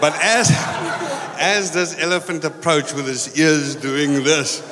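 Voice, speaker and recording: A man with a bright, forceful voice tells a story to a church congregation, animated and often laughing as he goes. His voice rings out with a long hall reverb behind it. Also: fairly high pitch, slow pace. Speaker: church member reporting on a mission trip.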